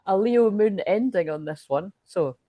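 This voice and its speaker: A woman's voice: medium pitch, animated, a little slow, dark tone, no room sound. A Scottish woman giving a casual, rambling tarot reading to camera. She often breaks into laughter. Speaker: tarot reader.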